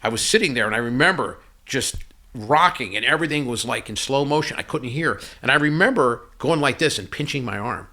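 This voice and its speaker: A man telling a personal story as a podcast guest, animated and acting out each line of dialogue. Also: medium pitch, a little fast. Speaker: podcast guest, company CEO. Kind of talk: conversational storytelling interview.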